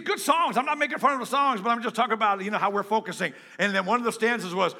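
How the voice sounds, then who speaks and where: High, bright-voiced preaching man. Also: fast, hardly any pauses. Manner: animated preaching, sings hymns and jokes with the congregation. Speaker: pastor. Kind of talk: sermon. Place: church before a congregation.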